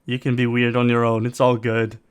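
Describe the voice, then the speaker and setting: Delivered completely flat at a fairly quick pace, this Swede's mid-range voice has a clear, resonant tone. He hosts reaction videos with casual, rambling, opinionated commentary full of fillers, in a mixed non-native English accent that's part British, part American.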